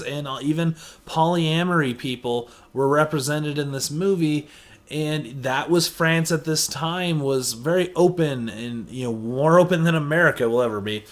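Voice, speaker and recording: A man giving a casual movie review, chatty and sarcastic, often saying "you know". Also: on the high side. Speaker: film reviewer.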